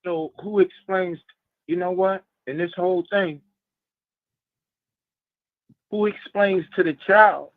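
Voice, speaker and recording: A man's voice: sits high, measured pace, no room sound. A male caller to a radio show who presses his point with repeated rhetorical questions. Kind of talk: casual call-in radio chat. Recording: phone line.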